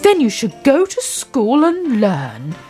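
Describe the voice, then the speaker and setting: A woman's voice: on the high side, huge pitch swings, slow, dark tone, faint music behind, full character voice. A woman voicing a stern but kindly male farmer in a storybook, lecturing firmly.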